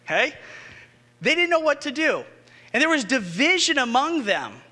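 Male pastor, high voice, animated sermon, long reverb of a church hall. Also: normal speed. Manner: animated storytelling, rising to excited emphasis.

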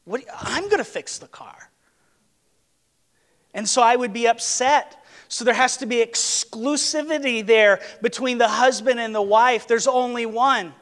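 A man's voice: very high-pitched, measured pace, fairly bright tone, long reverb tail. A man preaching a sermon in a church, earnest and emphatic, repeating his key words. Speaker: pastor. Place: church sanctuary, on a platform.

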